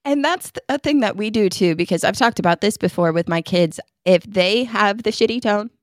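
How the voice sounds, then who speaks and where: A woman's voice: medium pitch, brisk, no echo, clean studio sound. A woman in her thirties co-hosting a parenting podcast, explaining at length in a casual, earnest chat.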